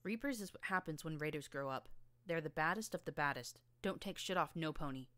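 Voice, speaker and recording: A woman voicing a tough, streetwise young filly gang leader with a rough rural drawl and a blunt, slangy manner. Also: deep voice, expressive, a little fast, sharp tone, dry recording.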